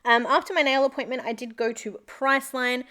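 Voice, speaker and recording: A woman's voice: high voice, steady tone, a little fast, pushed and bright. A young adult Australian woman narrating a planner video in a chatty, rambling, upbeat voice-over. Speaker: planner vlogger.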